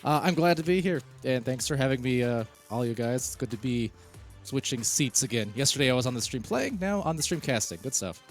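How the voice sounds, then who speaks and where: A man co-casting a live esports match, relaxed and joking, with some hesitations. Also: mid-range voice, brisk, soft background music. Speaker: esports co-caster. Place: broadcast booth.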